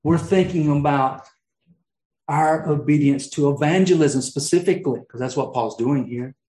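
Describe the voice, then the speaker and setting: A man's voice: on the high side, normal speed, a little mellow, reverberant, rough recording. A man preaching a sermon, earnest, often restarting his sentences and rising into emphatic peaks. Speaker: pastor.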